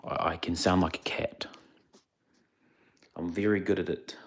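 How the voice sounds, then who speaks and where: A young man keeps his very low voice hushed and gravelly. He is chatting casually on a livestream into a phone. He speaks quietly because others nearby are sleeping. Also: steady tone, a little slow. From India. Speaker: streamer. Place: indoors away from home, others asleep.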